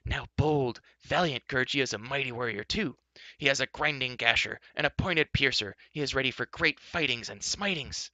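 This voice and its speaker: A man voicing an excitable little creature who boasts eagerly in childlike speech. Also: mid-range voice, normal speed, dry recording, pitched above the performer's own voice. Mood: excited.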